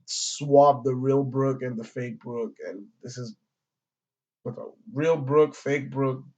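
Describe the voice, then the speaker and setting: A man's voice: medium pitch, steady tone, slow, darkish tone. A man reviewing a comic chapter in a casual, rambling way, with slang, swearing and plenty of fillers. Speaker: manga reviewer. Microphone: audio-only recording. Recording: dull lo-fi audio.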